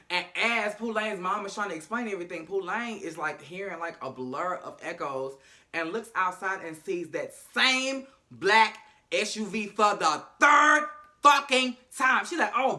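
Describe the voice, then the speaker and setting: A man's voice: high voice, lively intonation, unhurried, bright, forceful tone. A man recapping a TV episode in a casual, sassy, profane and dramatic way. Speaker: show recapper.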